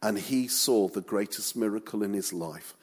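A man's voice: lowish voice, normal speed, husky. A man preaching a sermon in a chatty, humorous way with light asides.

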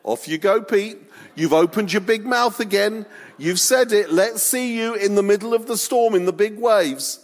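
Brit preacher putting on cheeky jeering disciples, high and mocking, echoey. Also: male voice, normal speed. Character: teasing male disciples, mocking friends.

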